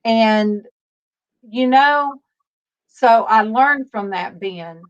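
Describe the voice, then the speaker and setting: A woman hosting a casual faith-based livestream, telling stories slowly with many fillers over a video call. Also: a little high. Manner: rambling, warm storytelling with many fillers. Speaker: livestream host. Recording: dull lo-fi stream audio.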